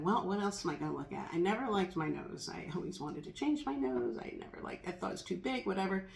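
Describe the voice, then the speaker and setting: A woman's voice: lowish voice, vocal fry. A middle-aged woman sharing a personal story in an earnest, reflective monologue, repeating kind words she says to herself. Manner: earnest, reflective, speaks lines to herself aloud. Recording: echoey room.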